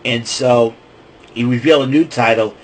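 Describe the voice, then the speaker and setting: A man's voice: mid-range voice, steady tone, moderate pace, rough recording. A man hosting a podcast, casually retelling wrestling events in a loose, rambling way with lots of fillers and restarts. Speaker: podcast host.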